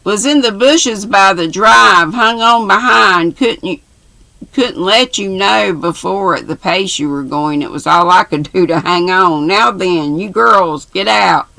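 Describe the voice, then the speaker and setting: A brisk young man snaps out short orders, as a woman reads him aloud. The voice is pushed louder and a little higher, bright with a gravelly edge. The reading stays slow. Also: dry recording. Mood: commanding. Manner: clipped, commanding.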